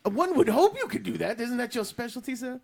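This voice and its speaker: Game master as a stammering fantasy shopkeeper, fussy and scheming, lively swooping pitch, gravelly edge, tabletop role-play. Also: fast. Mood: sly. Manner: flustered, stammering shop talk.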